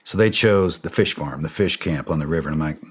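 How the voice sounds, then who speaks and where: A man's voice: a bass voice, fairly quick, breathy edge. A man telling a war story as an interview guest, acting out the dialogue and laughing as he goes. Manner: animated, acts out quoted dialogue, laughs while telling. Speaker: interview guest, former special operator. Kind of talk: casual storytelling.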